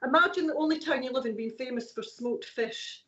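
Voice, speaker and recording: Scottish woman, high voice, bubbly and laughing, casual show chat, echoey room, dull sound. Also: brisk, a crowd in the background. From Scotland. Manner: bubbly, laughs often, warm greetings to viewers. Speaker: co-host and psychic medium.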